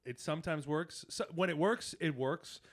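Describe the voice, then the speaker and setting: A young man guesting on a comedy podcast, bantering in a quick, joking way. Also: a little high. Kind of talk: casual comedy podcast chat.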